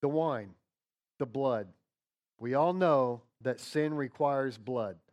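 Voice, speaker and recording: Conversational preacher man, hushed on scripture. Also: medium pitch, takes it slowly, lo-fi sound. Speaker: pastor. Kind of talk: sermon.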